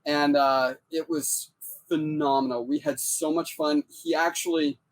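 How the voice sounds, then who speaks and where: A man's voice: on the high side, sing-song, measured pace, vocal fry. Chatty man co-hosting by video call. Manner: chatty and playful. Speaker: podcast co-host. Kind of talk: casual interview chat.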